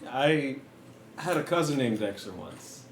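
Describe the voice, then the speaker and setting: A man playing a tabletop game, joking and excitable in casual banter. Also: medium pitch, measured pace, slight background noise. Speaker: player. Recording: echoey room with faint music.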